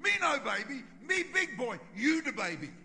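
A man's voice: very high-pitched, big pitch swings, moderate pace, pushed and bright, voice pushed up, exaggerated voice. A man voicing a stubborn little boy who talks in babyish broken grammar. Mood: defiant. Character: stubborn little boy toddler, proud, puffed-up. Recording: long hall reverb with music.

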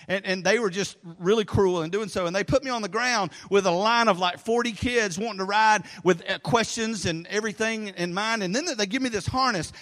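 A middle-aged pastor, preaching in a rambling, animated storytelling manner that drops low for asides. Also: male voice, fast talker, few pauses. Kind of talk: sermon. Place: church sanctuary. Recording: long reverb of a large hall.

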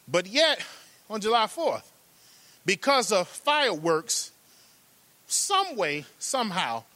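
Emphatic, bright-voiced preacher man. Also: high voice, big pitch swings, no echo. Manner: rhythmic, emphatic preaching with repeated phrases and drawn-out words; folksy asides to the congregation. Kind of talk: sermon.

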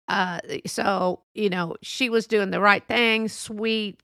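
Woman rambling through a story, gravelly voice, dry close sound. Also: mid-range voice, slow pace, pushed and bright, dry recording. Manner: chatty and rambling, with asides. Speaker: podcast storyteller. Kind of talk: casual storytelling monologue.

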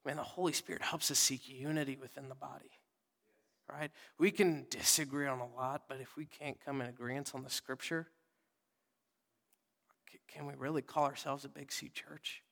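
Casual young preacher in an echoing church. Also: male voice, mid-range voice, fairly even intonation, moderate pace, vocal fry. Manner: casual, conversational preaching with sudden loud readings and soft whispered asides. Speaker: pastor. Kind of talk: sermon. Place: church sanctuary.

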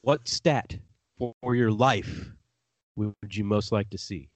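Low-voiced, rambling male podcast host. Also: slow, no room sound. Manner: rambling, swears freely, laughs at his own stories. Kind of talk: casual chat.

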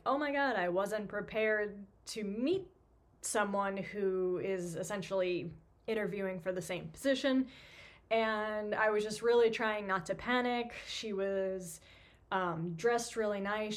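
A woman hosts her own podcast. She tells a story from her career in a chatty, self-deprecating way, full of fillers and asides. Her pitch sits in a middling range for a woman. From New York. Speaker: podcast host, physical therapist. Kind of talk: casual storytelling monologue.

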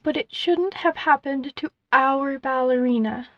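A woman's voice: sits high, measured pace, no room sound, dull audio. A woman voicing a grieving mother who speaks through sobs. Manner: sobbing, trembling. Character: grieving mother, tearful and shaken.

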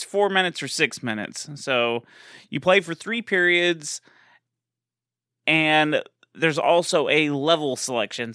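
A man's voice: on the high side, pushed and bright, no room sound, studio quality. A man from Texas, co-hosting a casual gaming podcast, laughing often and swearing casually. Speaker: podcast co-host.

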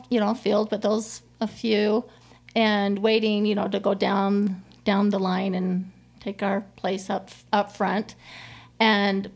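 A middle-aged woman telling a personal story as an interview guest, in a heartfelt, halting way with many restarts. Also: medium pitch, creaky, a little mellow. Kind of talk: conversational interview.

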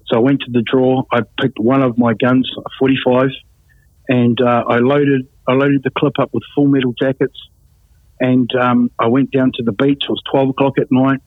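A man's voice: medium pitch, little pitch movement, normal speed, dry recording. Male guest, blunt plain storyteller; thin phone-quality audio, no room sound. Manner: blunt, matter-of-fact storytelling. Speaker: interview guest. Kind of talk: personal testimony in an interview. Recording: tinny phone-like sound, dry.

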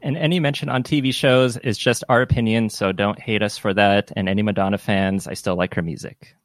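Lower-voiced easygoing male co-host. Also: fairly even intonation, fairly quick, no room sound. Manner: brief, easygoing prompts. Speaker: podcast co-host. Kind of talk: casual interview questions.

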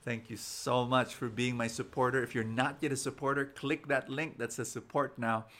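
A man's voice: medium pitch, little pitch movement, normal speed, fairly bright tone. A man, preaching an inspirational sermon and telling stories, often repeating words as he starts sentences. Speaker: preacher and show host.

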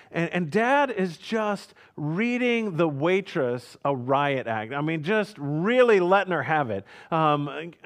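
A man with a notably high voice tells a personal story in a loose, conversational monologue. He is from Houston, Texas, and he is earnest. He often circles back and restarts his sentences. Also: a bit bright. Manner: earnest, with frequent restarts and short laughs. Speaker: speaker telling a personal story.

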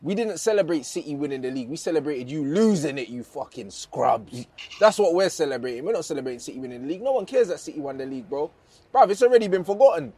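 A man's voice: fairly high pitch, expressive, quick pace, dark tone, breathy edge. A man co-hosting a podcast, scornfully taunting rival football fans in casual banter that is full of swearing. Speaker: podcast co-host.

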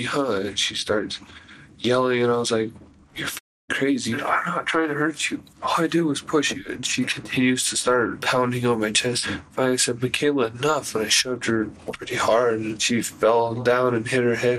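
A young man recounting events in a halting, flat way with many fillers, in a recorded interrogation. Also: medium pitch, a little hiss or hum, low-quality recording. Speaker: suspect giving a confession.

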